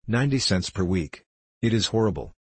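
A man's voice: on the low side, animated, fairly quick, husky, dry recording. A man voicing an earnest, distressed elderly bishop who pleads and speaks naively.

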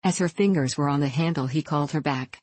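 A woman narrating a classic novel as an audiobook in a calm, even reading. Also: sits low, fast, no room sound.

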